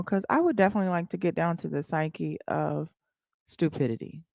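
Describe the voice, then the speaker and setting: Blunt mocking woman livestreamer, low voice. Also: a little mellow, no room sound, studio quality. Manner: blunt, mocking, talks straight to viewers. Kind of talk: casual livestream chat.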